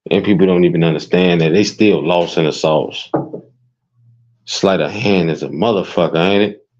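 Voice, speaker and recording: Man, Chicago accent, profane commentary rant, high squeals, dull lo-fi recording. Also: normal speed, a little mellow, slight background noise. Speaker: commentary streamer. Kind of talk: ranting commentary. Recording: dull lo-fi sound.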